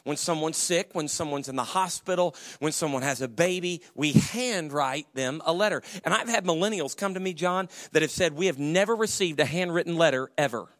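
A man preaching as a pastor, telling humorous stories and loudly acting out the voices of people he quotes. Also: on the high side, fairly quick, few pauses, no room sound, studio quality. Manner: animated storyteller, acts out quoted voices loudly.

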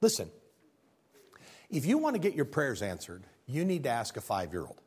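A man preaching a sermon in church, telling stories with big swings from loud excitement to hushed earnestness. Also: medium pitch, normal speed, slightly rough.

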